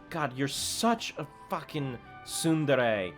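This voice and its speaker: A man giving joking let's play commentary, laughing and yelling at the game over faint game music. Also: high-pitched, big pitch swings, a little slow. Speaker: gaming YouTuber.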